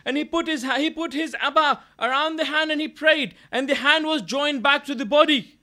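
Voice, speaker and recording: A man's voice: extremely high pitch, normal speed, bright, forceful tone. A man telling a moral story as a speaker at a religious mourning gathering, earnest and often correcting himself mid-sentence. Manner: earnest retelling with frequent self-corrections. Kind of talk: storytelling sermon. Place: gathering hall in London.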